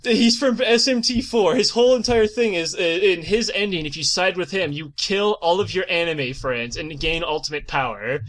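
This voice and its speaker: A man's voice: high-pitched, moderate pace, hardly any pauses. A man hosting a podcast, ranting in casual chat, swearing a lot and laughing as he goes. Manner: animated profane ranting with frequent laughs. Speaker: podcast host.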